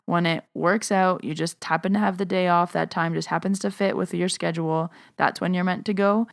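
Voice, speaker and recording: A chatty woman hosting a spiritual podcast and answering listener questions in a casual monologue. Her voice sits fairly low and is recorded close on a podcast mic, dry with no room sound. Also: steady tone, fairly quick, creaky, no echo. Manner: casual, chatty, uses "like" often. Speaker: podcast host and Reiki master.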